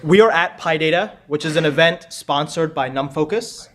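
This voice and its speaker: A man with a somewhat high voice hosts a quiz for a room full of people. He is chatty and jokey, doubling back on his words as he goes. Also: moderate pace, a bit bright. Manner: joking, chatty, repeats himself. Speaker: quiz host. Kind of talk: live conference pub quiz hosting. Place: conference room with audience.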